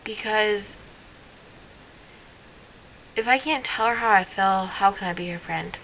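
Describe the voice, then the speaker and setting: A woman's voice: mid-range voice, unhurried, a bit bright, slight background noise, rough recording. A young woman telling a story about a falling-out with her best friend in a personal vlog, earnest and rambling, sounding hurt. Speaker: vlogger.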